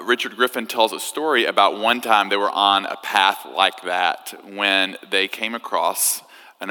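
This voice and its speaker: A man preaching a sermon, telling a story in a conversational, animated way. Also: on the low side, clean tone. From United States. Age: 30s. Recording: echoey hall.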